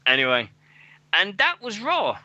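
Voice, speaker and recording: Excitable British male co-host, very bright tone, dry close sound. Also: high-pitched, a little slow, no room sound. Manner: excitable, laughs a lot, swears freely. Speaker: wrestling radio co-host. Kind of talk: casual podcast chat. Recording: dull lo-fi podcast audio.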